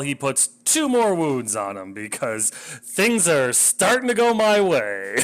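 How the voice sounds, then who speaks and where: A man's voice: medium pitch, fairly bright tone, clear, resonant tone. A man casually narrating a tabletop wargame battle report, rambling, self-deprecating and swearing when things go wrong.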